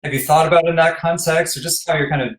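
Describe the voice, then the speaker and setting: A man's voice: on the high side, steady tone, very fast, slight background noise. A man interviewing a singer, chatty and hesitant with lots of ums. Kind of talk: casual interview chat. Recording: roomy echo.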